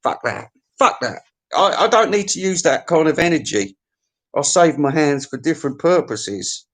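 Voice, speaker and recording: A man's voice: fairly high pitch, animated, normal speed. A man, hosting a music countdown in a rambling, opinionated comic monologue full of swearing, restarts and stammers.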